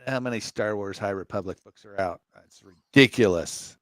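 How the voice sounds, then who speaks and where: A man's voice: lowish voice, moderate pace, hardly any pauses, fairly bright tone, dry recording, studio quality. A man co-hosting a casual live chat, wry and teasing as he goes through a pile of items. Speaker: co-host.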